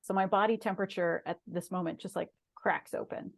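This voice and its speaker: A lowish, creaky voice and a brisk delivery belong to a middle-aged woman who works as a shaman and massage therapist. As a guest on an interview show, she earnestly recounts a personal story in casual conversation.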